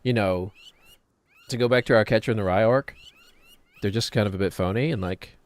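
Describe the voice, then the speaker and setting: Streaming a game, a New Zealand man in his thirties rambles and cracks self-deprecating jokes. He speaks a little fast with a fairly low pitch, and the audio has no echo.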